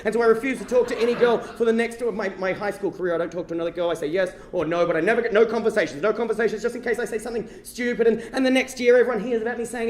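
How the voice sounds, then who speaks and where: An Australian man telling a comic true-life story on stage before an audience, animated and self-mocking, dropping to hushed asides. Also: extremely high pitch, quick pace, reverberant. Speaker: stand-up comedian. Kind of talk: storytelling stand-up comedy.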